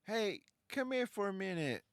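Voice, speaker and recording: A man playing a soft, chummy tavern woman. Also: sits high, big pitch swings, normal speed, vocal fry, clear, resonant tone, dry recording, clean studio sound, pitched above the performer's own voice, exaggerated voice. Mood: confiding.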